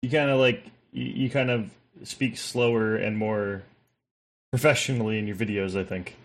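A man's voice: lowish voice, steady tone, moderate pace. A man co-hosting a podcast, chatting in a laid-back, hedging way with casual swearing. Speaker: podcast co-host.

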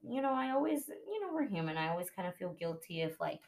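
A woman's voice: fairly low pitch, big pitch swings, quick pace, gravelly. A young woman hosting a podcast, telling an emotional personal story in casual chat and acting out the voices of people she quotes. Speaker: podcast host.

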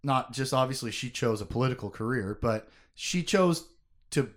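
A man's voice: mid-range voice, lively intonation, moderate pace. A young man co-hosting a podcast, chatting casually about a novel in an emotive, conversational way with plenty of fillers and laughter.

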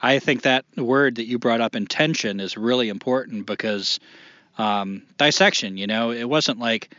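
A man's voice: medium pitch, moderate pace, sharp tone, dry recording, highs cut off. A man hosting a casual podcast, talking loosely, swearing and poking fun at himself. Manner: loose, swearing, self-deprecating. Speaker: podcast host.

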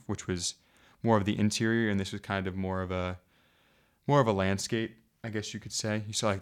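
A young American man co-hosting a podcast, chatting casually in a relaxed, rambling way full of "like". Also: lowish voice, clear, resonant tone. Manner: relaxed, rambling, heavy use of "like". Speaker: podcast co-host. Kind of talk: casual chat.

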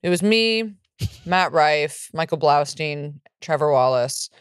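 A woman who is a stand-up comic, co-hosting a podcast in casual chat, wry and deadpan, swearing freely. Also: low voice, takes it slowly, smooth, dry recording, studio quality. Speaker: stand-up comedian, podcast co-host.

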